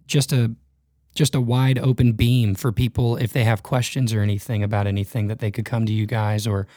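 A man's voice: on the low side, little pitch movement, a little fast, dark tone, no room sound, studio quality. A married man hosting a church podcast, chatting casually with a couple and affirming them often. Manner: affirming, frequent "yeah" backchannels. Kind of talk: warm casual interview chat.

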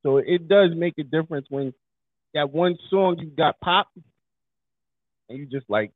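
New co-host, animated casual banter, husky voice, phone-line quality. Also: male voice, fairly high pitch, measured pace, no echo. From New York. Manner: animated, hypes up with shouted mock street talk. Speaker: podcast co-host. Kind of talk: casual chat. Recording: tinny phone-like sound.

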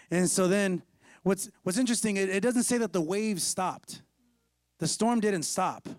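A man's voice: sits high, expressive, moderate pace, a little mellow, no echo, clean studio sound. A man preaching a sermon as pastor, retelling a story in a playful, casual way. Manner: playful storytelling, acts out voices. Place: church.

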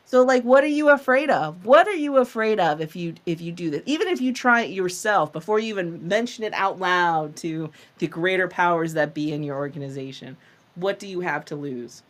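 A woman's voice: fairly low pitch, a little fast. A woman podcast host answering questions in a casual chat, earnest and encouraging, laughing easily.

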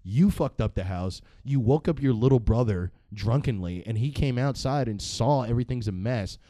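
A man's voice: mid-range voice, animated, moderate pace, dark tone, no room sound. A man hosting a vlog, giving casual, joking commentary that rambles along with plenty of swearing. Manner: profane, joking and rambling with frequent laughs. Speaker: vlog host.

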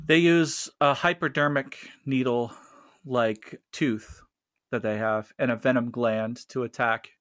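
A man's voice: mid-range voice, fairly even intonation, slow pace, a bit bright, dry recording. A man co-hosting a casual gaming podcast who laughs often, swears, and tells stories with energy. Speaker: podcast co-host.

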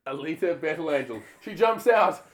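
A man improvising a silly film pitch in a comedy sketch, peppering it with "bloody" and "mate". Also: expressive, moderate pace. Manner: puts on a broad Aussie-style slang voice with "bloody" and "mate".

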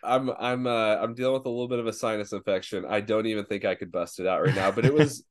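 A man's voice: fairly low pitch, fast talker. A man hosting a church podcast in casual chat, with a dry, teasing sense of humor.

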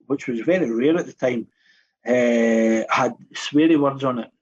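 A husky man in his fifties chats as a radio guest, wandering through long stories and often circling back to restart a sentence. His voice has a slightly breathy edge at an everyday middle pitch. The recording sounds a little dull and muffled. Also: unhurried, a little mellow. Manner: rambling anecdotal storyteller with frequent restarts. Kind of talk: casual radio chat.

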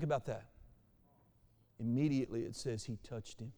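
Animated male preacher in a reverberant hall. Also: mid-range voice, moderate pace. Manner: animated preacher, shifts from quiet to loud. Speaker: pastor. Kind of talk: sermon. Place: church sanctuary.

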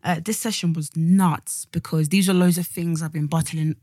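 A woman's voice: low voice, fairly even intonation, moderate pace, darkish tone, dry recording, studio quality. A woman, co-hosting a podcast in casual, slangy chat that trails off and restarts. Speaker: podcast co-host.

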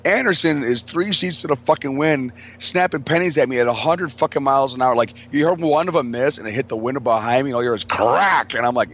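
A man's voice: medium pitch, brisk, hardly any pauses, a bit bright. A man, a podcast co-host, telling rambling, profane party stories to friends and laughing often. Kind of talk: casual storytelling among friends.

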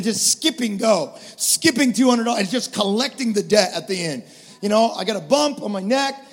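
A man preaching a sermon as pastor, animated, swinging from loud preaching to quiet storytelling. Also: sits high. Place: large church hall. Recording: reverberant church hall with soft music.

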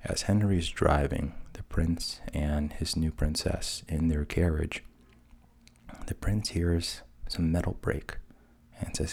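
A man narrating a fairy tale softly, at times dropping to a whisper. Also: a bass voice, steady tone, takes it slowly, vocal fry. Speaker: storyteller.

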